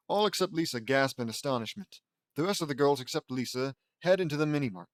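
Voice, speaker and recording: A man's voice: a little high, expressive, fast talker, dry recording. A man narrating a fan-fiction audiobook in a casual reading style, with offhand asides.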